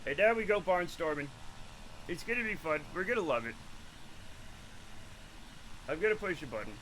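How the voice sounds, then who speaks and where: A man in his late forties rambles through a casual live stream, swearing freely and poking fun at himself. His voice sits high for a man and jumps around constantly, with a faint hiss of noise underneath. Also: expressive, normal speed, fairly bright tone, rough recording. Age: late 40s. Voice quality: rambling, profane, self-mocking.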